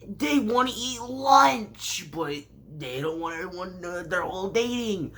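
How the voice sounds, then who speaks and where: A man's voice: high voice, expressive, a little slow, pushed and bright. A man casually recapping a show with sarcastic, rambling asides and mock surprise. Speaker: show reviewer.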